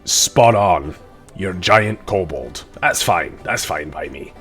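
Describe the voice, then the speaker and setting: A man's voice: sits low, lively intonation, takes it slowly, husky, soft background music, pitched below the performer's own voice, exaggerated voice. A man playing a rowdy drunken dwarf. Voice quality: loud and coarse, swearing. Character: gruff drunken male dwarf, boisterous.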